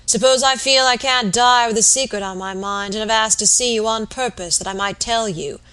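A woman reading aloud as a dying, rough-spoken working man, bitter and feverish, with coarse rural speech. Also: mid-range voice, moderate pace, fairly bright tone, lightly acted.

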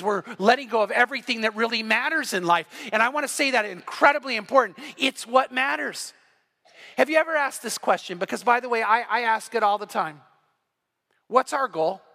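A man's voice: high-pitched, pushed and bright. A man pastor giving a sermon, telling a story with animation and acting out the quoted voices. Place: church sanctuary.

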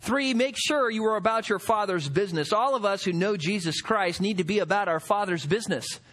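A man preaching a sermon as a pastor, animated, stepping into quoted voices as he explains a Bible passage. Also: fairly quick. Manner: animated, acts out quoted voices with rising pitch.

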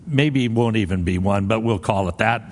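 A man voicing God as a sardonic deity calmly laying out a grim plan, in a deadpan, matter-of-fact way. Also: lowish voice, moderate pace, voice pushed down. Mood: wry.

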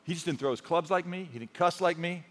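A man with a fairly high voice preaches in a large church, his words ringing through a long hall reverb. He talks to the crowd like a friend, telling stories with humor, then pushes his points home with rising force. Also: fast talker, a bit bright. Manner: conversational, storytelling with humor, rises to emphatic. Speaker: pastor. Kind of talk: sermon.

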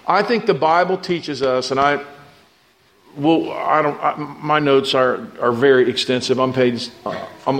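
A man pastor preaching a conversational sermon to his church, reading scripture aloud and talking through it with frequent restarts. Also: mid-range voice.

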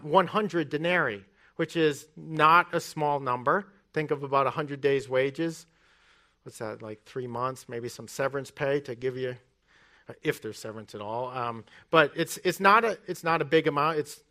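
A man's voice: medium pitch, a bit bright. A man preaching a sermon, retelling a parable and acting out the quoted lines. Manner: storytelling, acts out quoted lines.

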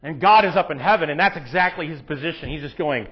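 Animated high-voiced male preacher. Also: fast, breathy edge, highs cut off. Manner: animated preaching, swinging from hushed to loud. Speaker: pastor. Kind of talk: sermon. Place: church.

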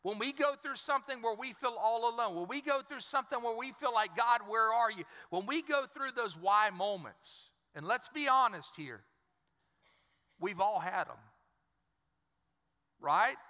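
A man's voice: extremely high pitch, animated, moderate pace, bright, forceful tone, long reverb tail. A male pastor preaching a sermon, telling stories in a conversational, joking way with many repeated words. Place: church.

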